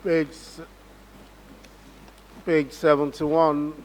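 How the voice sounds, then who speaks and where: Nigerian male presiding officer, deliberate and formal, unhurried procedural reading. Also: on the high side, little pitch movement, darkish tone, poor audio. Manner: measured, formal procedural cadence. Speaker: presiding officer of a legislative assembly. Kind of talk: formal parliamentary chairing. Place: legislative chamber.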